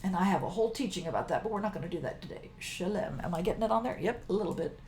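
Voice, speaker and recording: A woman's voice: fairly low pitch, lively intonation, racing, a little mellow, a little hiss or hum. An older woman giving a casual devotional teaching, chatty and emphatic, often breaking off mid-phrase to restart. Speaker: worship teacher.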